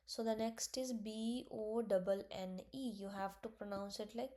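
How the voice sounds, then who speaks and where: Slow, mellow-voiced woman teaching French. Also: mid-range voice, steady tone. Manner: slow, repeats each word, mixes in Punjabi and Hindi. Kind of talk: online language lesson.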